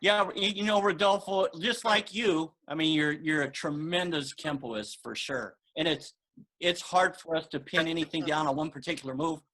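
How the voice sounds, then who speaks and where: A man telling a personal story in a casual, animated way, acting out the dialogue he quotes. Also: fairly high pitch, normal speed, rough recording. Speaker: martial arts guest answering questions. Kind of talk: casual storytelling on a video call.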